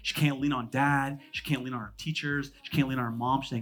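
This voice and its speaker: Husky-voiced man preaching a sermon. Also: medium pitch, steady tone. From California. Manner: swings between loud emphatic lines and hushed ones; quick, conversational preaching with humor. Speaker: pastor.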